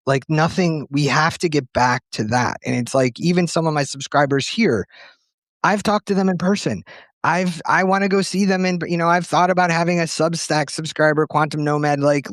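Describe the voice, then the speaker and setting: A man's voice: on the high side, no echo, clean studio sound. A man talking earnestly and reflectively in a casual conversation as a writer guest, telling stories from his life. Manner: earnest, reflective, tells anecdotes with quoted voices.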